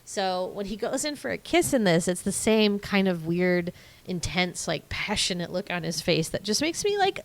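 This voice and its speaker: A woman co-hosting a podcast, chatting casually and acting out film lines in a jumped-up voice, with many fillers and laughs. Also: normal speed. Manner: animated storytelling, acts out movie lines in a high voice. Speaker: podcast co-host. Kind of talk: casual chat.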